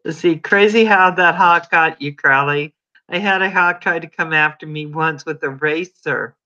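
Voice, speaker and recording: A man's voice: a little high, normal speed, sharp tone, highs cut off. A man hosting a casual livestream chat, reading the chat and reacting with gushing exclamations. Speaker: livestream host.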